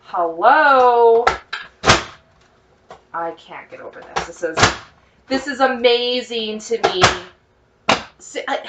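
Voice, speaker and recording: A woman chatting excitedly to her viewers as she cooks, thinking out loud in a casual vlog. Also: fairly high pitch, takes it slowly, long pauses, echoey room, recorded from a distance, muffled recording, very noisy. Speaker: cooking vlogger. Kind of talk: casual cooking vlog, talking to camera. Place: home kitchen.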